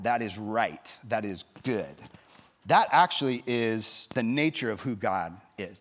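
A man pastor preaching a sermon, telling a story in a lively way and acting out the people in it. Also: mid-range voice. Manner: storytelling, animated, acts out quoted voices.

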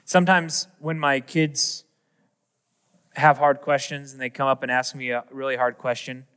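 A man's voice: medium pitch, level tone, normal speed, a bit bright, clear, resonant tone. A man preaching a sermon as pastor, with an earnest, repetitive cadence that builds through his lines. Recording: long echoey hall reverb.

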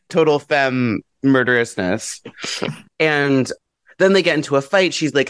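A man talking as a podcast guest in a casual book discussion, animated, bluntly swearing and acting out quoted lines with big jumps in pitch. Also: moderate pace, clear, resonant tone, no room sound.

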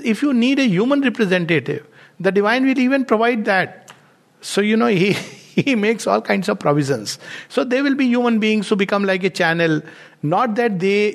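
A man's voice: on the high side, gravelly. A man giving a spiritual talk, telling anecdotes in a loose, storytelling way with fillers. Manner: anecdotal, warm storytelling with frequent fillers and laughs. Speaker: spiritual teacher.

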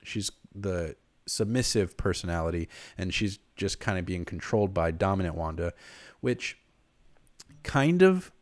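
A man's voice: low voice, animated, a little slow, no room sound. A man co-hosting a casual podcast chat, rambling with many fillers and restarts. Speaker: podcast co-host.

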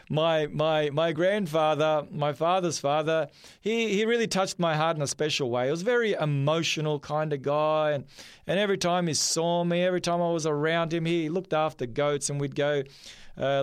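Earnest Australian preacher, smooth dry voice. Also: male voice, a little high, no room sound. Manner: earnest and heartfelt, softening into hushed tones on solemn words; repeats phrases for emphasis. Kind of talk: radio sermon with personal story and prayer.

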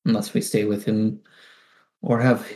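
A man plays his character in a tabletop game with slow, formal phrasing. His voice has a gravelly, fry-edged texture and an unhurried pace. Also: on the low side, level tone, warm tone. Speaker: player. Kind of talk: in-character role-play.

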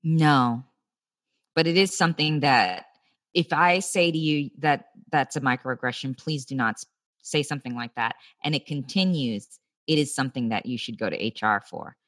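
A woman's voice: very deep voice, moderate pace, fairly bright tone, no room sound. A woman co-hosting a podcast who gives her opinions earnestly in casual discussion. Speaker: podcast co-host.

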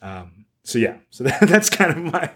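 A man's voice: a little high, very animated, moderate pace, a bit bright, breathy edge. A man co-hosting a podcast, chatting casually and rambling with lots of "like" fillers. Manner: rambling, heavy use of "like" fillers. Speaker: podcast co-host.

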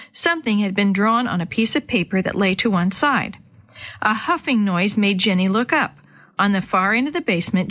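A woman reading a children's chapter book aloud to young listeners, in a gentle and clear storybook manner. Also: mid-range voice.

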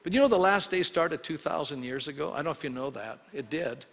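A male pastor preaching a sermon in a lively, conversational way, often asking the congregation questions. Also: fairly high pitch, brisk. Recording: long hall reverb.

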